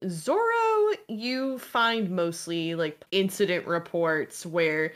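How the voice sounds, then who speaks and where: A woman's voice: lowish voice, expressive, a bit bright. Chatty woman running a tabletop game. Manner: chatty, fast, lots of fillers and laughter. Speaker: game master. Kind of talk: narrating a tabletop role-playing game. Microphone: headset or desk mic at home.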